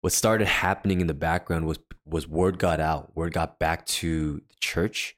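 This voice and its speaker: Deep-voiced man telling a personal story. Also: steady tone, a little slow, a bit bright. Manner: earnest, sprinkled with "like" and restarts. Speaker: podcast co-host.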